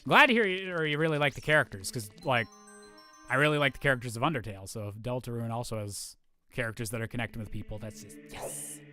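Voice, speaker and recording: A man's voice: medium pitch, fast talker, pushed and bright. A man streaming a game and chatting casually with viewers, rambling upbeat with lots of restarts and fillers, with faint game music behind him. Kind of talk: casual chat while gaming.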